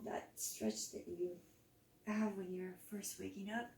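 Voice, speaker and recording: A woman yoga teacher talking listeners through a slow relaxation, with soft breathy cues and audible sighing exhales. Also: mid-range voice, distant mic. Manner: casual, chatty wrap-up. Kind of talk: guided relaxation instruction. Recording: roomy echo, voice set back from the mic, faint background noise.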